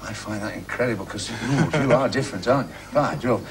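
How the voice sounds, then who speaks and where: A man's voice: on the low side, quick pace. A man hosting a TV game show from a studio, chatting and joking with contestants. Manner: jokey, chatty banter with contestants. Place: TV studio with live audience. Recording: 1980s TV broadcast, loud crowd and noise.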